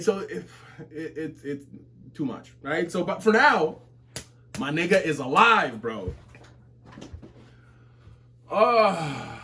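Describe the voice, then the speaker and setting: High, bright-voiced excitable man reacting. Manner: excitable, profane slang, bursts into shouting. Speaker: webtoon reaction streamer. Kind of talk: live reading reaction.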